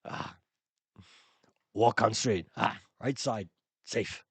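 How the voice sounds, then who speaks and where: A man putting on a terse elderly male karate master who speaks in clipped, halting broken phrases. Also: lowish voice, breathy edge, no room sound, voice pushed down, heavily acted. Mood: mock wise.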